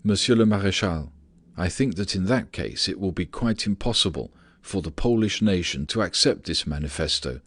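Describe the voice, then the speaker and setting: A man reading the lines of a worried adult male adjutant in an audiobook, in a low, dry, even voice. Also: normal speed, dry recording, exaggerated voice. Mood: earnest.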